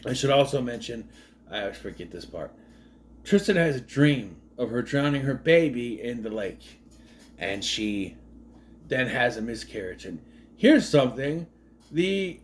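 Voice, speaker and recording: A man's voice: mid-range voice, expressive, a little slow. A man casually recapping a movie, rambling with fillers and restarts and dropping sardonic, questioning asides. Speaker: movie commentary host.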